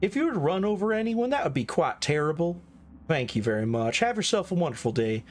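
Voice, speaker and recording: A man's voice: a little high, sing-song, quick pace, slight background noise. A man voicing a polite small-town male police officer with an exaggerated Southern US accent, courteous and folksy as he scolds.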